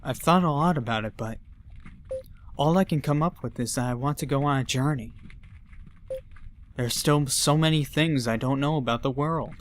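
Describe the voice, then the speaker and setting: A man's voice: mid-range voice, moderate pace, pauses often, slight background noise, natural voice. A man reading the lines of an earnest, determined fifteen-year-old boy hero from a video game in a plain voice.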